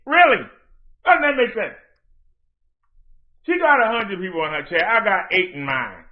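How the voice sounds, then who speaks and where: A man's voice: high-pitched, animated, unhurried. A man hosting his own livestream in a heated rant, confronting someone by reading out her messages and answering them. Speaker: livestream host. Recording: tinny phone-like audio.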